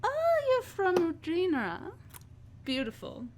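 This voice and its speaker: A woman's voice: very high-pitched, wildly swooping pitch, takes it slowly, noisy background, voice pushed up, exaggerated voice. A woman voicing a brash, eccentric female boss with a grand, theatrical manner in a tabletop game. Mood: gushing.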